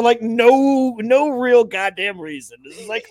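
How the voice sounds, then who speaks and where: A man's voice: very high voice, slow pace, a little mellow, no echo. A man co-hosting a sports podcast, musing in a rambling, profane, sarcastic way. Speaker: podcast co-host. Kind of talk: casual sports podcast banter.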